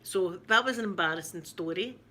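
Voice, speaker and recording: A middle-aged Scottish woman, a mother, chatting casually to camera and telling stories in an animated way, with lots of repeats. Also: on the low side, brisk. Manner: animated storytelling with laughs and repeats. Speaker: vlogger, mother.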